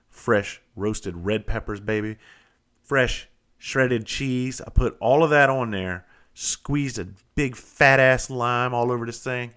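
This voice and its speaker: In a casual monologue, a Southern US man in his 40s, a vlogger, spins a profane, rambling story, animated and self-interrupting. His voice has a fairly low pitch and a clean tone.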